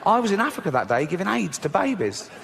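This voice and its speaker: A man's voice: high voice, very animated, quick pace, vocal fry, a bit bright. Guy doing stand-up, rambly chatty asides, echoey hall, lots of room noise. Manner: chatty, rambling asides, frequent "you know what I mean". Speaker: stand-up comedian. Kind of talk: stand-up comedy routine.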